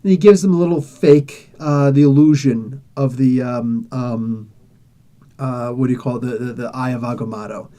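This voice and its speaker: A man's voice: mid-range voice, steady tone, normal speed, warm tone. A man reviewing comics, casually retelling a story with laughs and acted-out quoted lines.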